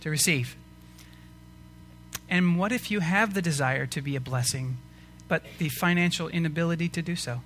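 Male pastor, earnest emphatic sermon delivery, bright tense tone, faint hum behind. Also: on the high side, normal speed. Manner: earnest, rising to emphatic preaching with rhetorical questions.

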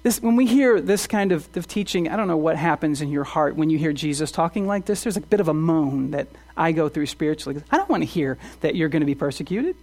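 A man's voice: on the high side, lively intonation, fast talker, few pauses, darkish tone. A man preaching a sermon as pastor, earnest, asking the congregation rhetorical questions and often restarting his words.

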